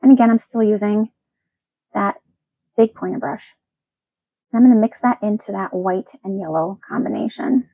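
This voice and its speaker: A woman's voice: medium pitch, moderate pace, vocal fry, long pauses, no echo, phone-quality sound. Chatty playful woman painting teacher. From Wisconsin. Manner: chatty, playful, self-encouraging. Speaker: painting instructor. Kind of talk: step-by-step painting lesson.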